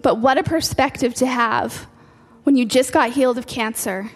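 A woman preacher with a somewhat high voice delivers an earnest sermon. She drives her points home by repeating key phrases. Her voice rings out with a long hall reverb over soft background music. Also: normal speed.

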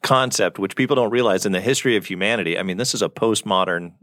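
A man hosting a casual faith discussion, speaking in a measured way and asking questions. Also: lowish voice, a bit bright, dry recording, studio quality. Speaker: podcast host.

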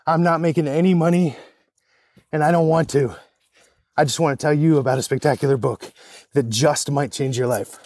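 A man's voice: a little high, steady tone, normal speed, long pauses, darkish tone, no echo. Winded man hiking, dry close sound. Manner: earnest, encouraging. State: out of breath. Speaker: podcast host. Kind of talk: casual solo podcast monologue. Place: outdoors on a hiking trail, walking uphill.

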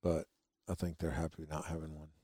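A very low-pitched man with a drawl hosts a laid-back podcast chat. He rambles enthusiastically and jokes as he goes. The recording is close and dry. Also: monotone, fairly quick, mellow, dry recording. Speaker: podcast host. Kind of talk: casual chat.

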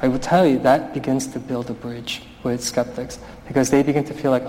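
A man's voice: medium pitch, level tone, a little fast, warm tone, slight background noise. A male pastor preaching a sermon in a conversational, storytelling manner. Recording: long hall reverb.

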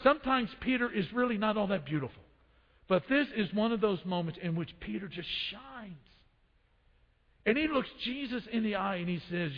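A man's voice: sits high, animated, moderate pace. A man preaching a sermon to his congregation, calling for responses and repeating phrases for emphasis. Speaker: pastor. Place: church sanctuary. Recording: dull sound in a reverberant church hall.

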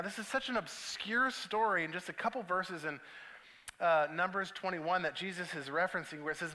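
Male pastor, sermon delivery, lively storyteller with a bright, higher voice. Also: rough recording. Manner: animated storytelling, with acted asides and laughter.

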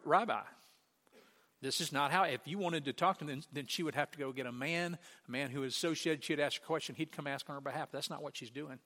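Man, sermon, animated, quotes acted out, long hall reverb. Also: a little high. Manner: animated, acts out quotes, talks to the congregation. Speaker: preacher.

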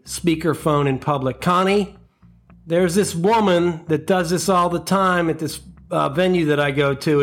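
A man hosting a comedy podcast, ranting in an animated, profane, mock-outraged monologue into a close mic. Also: a little high.

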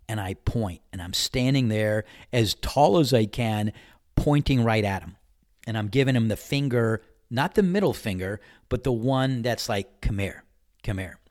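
In a dry, studio-quality recording, a podcast host with a mid-range voice relates a personal anecdote in a casual monologue. He keeps it candid and conversational, acts out what people said with animation, and swears mildly.

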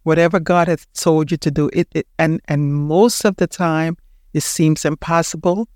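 A woman's voice: sits low, steady tone, normal speed, darkish tone, no echo, studio quality. Emphatic Panamanian woman in her sixties. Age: 60s. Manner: emphatic, repeats her points. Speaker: podcast host. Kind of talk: motivational talk.

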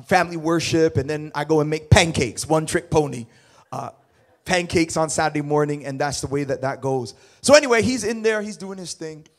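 High-voiced preacher man, animated storytelling. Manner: animated, dramatic storytelling that swings between quiet asides and loud bursts. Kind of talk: sermon storytelling.

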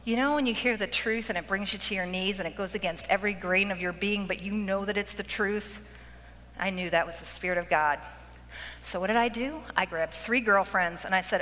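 Woman testifying to a room full of ladies, bright sharp voice, lots of laughing and big dramatic bursts, echoey hall with a bit of hiss. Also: fairly quick. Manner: dramatic, acts out her past self with sudden high outbursts; laughs often with the audience. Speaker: speaker addressing a women's audience. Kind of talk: testimony talk. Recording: echoey hall with faint noise.

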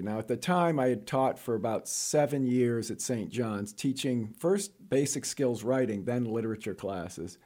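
A middle-aged man from New York telling stories of his career as an interview guest, jokey and animated, jumping up in pitch for punchlines. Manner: animated, jokey storyteller with sudden high-pitched asides. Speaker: guest, college administrator. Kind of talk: casual storytelling interview.

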